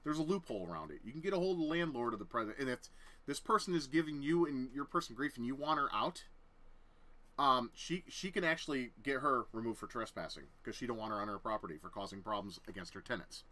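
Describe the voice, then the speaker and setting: A man's voice: medium pitch, expressive, quick pace, bright, forceful tone. A young man telling a personal story on his vlog, swearing heavily and talking bluntly. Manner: heavy swearing, heated and blunt. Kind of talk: casual storytelling rant.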